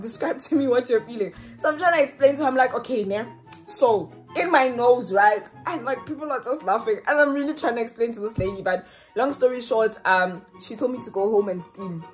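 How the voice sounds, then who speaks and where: A woman's voice: on the high side, fairly quick. A young woman from South Africa chats straight to camera in a loose, slangy vlog style, breaking into laughter often. Her nose sounds slightly runny. Faint music plays underneath. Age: young adult. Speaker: vlogger. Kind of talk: casual vlog chat to camera.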